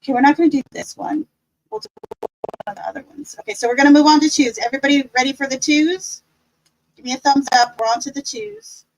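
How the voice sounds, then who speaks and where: Upbeat high-voiced woman teaching tarot. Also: expressive, quick pace, poor audio. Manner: upbeat, encouraging, chatty with fillers. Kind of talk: casual live-stream class.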